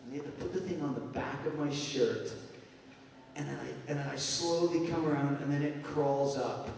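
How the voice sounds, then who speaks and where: A man's voice: a little high, normal speed, creaky, a little hiss or hum. A man who is a guest at a fan convention, telling a funny anecdote to an audience, laughing often and talking loosely with lots of fillers. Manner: animated, laughing often, lots of "like" and "you know". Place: large convention hall. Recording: echoey hall miked from far off, loud crowd.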